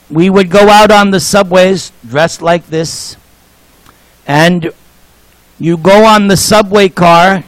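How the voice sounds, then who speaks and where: Man in his 60s, playful sermon storyteller, slow delivery, dry close sound. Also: on the high side, no echo, low-quality recording. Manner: jovial, joking storyteller. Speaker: speaker at a temple program. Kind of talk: sermon with anecdotes.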